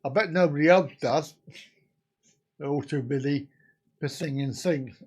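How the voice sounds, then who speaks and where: A man's voice: on the high side, measured pace, a little mellow, breathy edge. A man in his fifties from the UK, hosting a casual live stream and bantering crudely with his viewers. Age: 50s.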